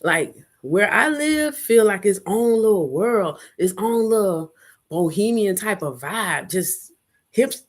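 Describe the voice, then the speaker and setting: A woman's voice: mid-range voice, slow. A woman hosting a casual live chat, telling a rowdy story, swearing freely and acting out what people said. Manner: animated, rowdy, swears freely, acts out quotes. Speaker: vlogger, live chat host. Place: home in Chicago.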